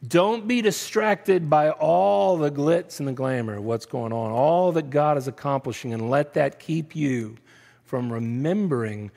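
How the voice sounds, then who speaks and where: A male Texan pastor preaches in a relaxed, conversational way, checking in with the congregation and slipping in playful asides. His voice has a gravelly edge. The sound rings with the long reverb of a church hall. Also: a little high, measured pace. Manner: conversational preaching, often adding "right?"; self-described nerdy, playful asides. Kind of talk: sermon. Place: church sanctuary.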